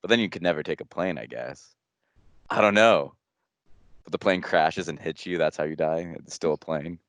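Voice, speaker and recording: Low-ish guy, loud and animated, telling a story, dry close mic. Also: normal speed, no echo. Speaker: podcast host. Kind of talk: casual chat.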